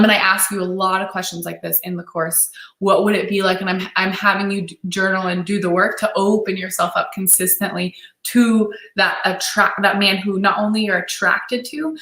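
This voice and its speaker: A woman who works as a dating and relationship coach hosts a live-stream Q&A chat, reading viewer comments aloud in an enthusiastic, encouraging way. Her voice is mid-range and a bit bright, and the room is echoey.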